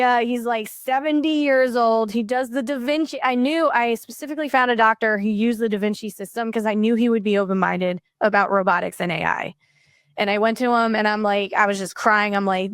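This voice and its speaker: A woman chatting as a podcast guest, excited and rambling, with many fillers. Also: on the high side, clear, resonant tone, no room sound, clean studio sound. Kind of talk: casual chat.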